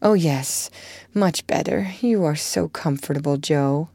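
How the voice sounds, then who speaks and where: A gentle, frail young girl, as a woman reading a storybook puts her on. She speaks softly in a low, dry voice, often close to a whisper. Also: measured pace, husky, no room sound, exaggerated voice. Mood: tearful hushed. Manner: soft, hushed, breaking into whispers.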